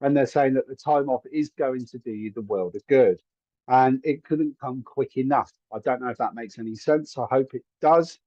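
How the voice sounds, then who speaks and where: A man's voice: medium pitch, normal speed, a little mellow, dry recording, highs cut off. Chatty male psychic medium on a live stream. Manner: chatty, hedging, often asks if it makes sense. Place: room at home.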